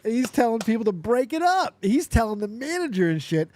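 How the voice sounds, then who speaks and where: A man hosting a show, reacting excitedly to a video clip, often laughing and repeating himself. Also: very high-pitched, brisk, slight background noise. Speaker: podcast host. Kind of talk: casual reaction commentary.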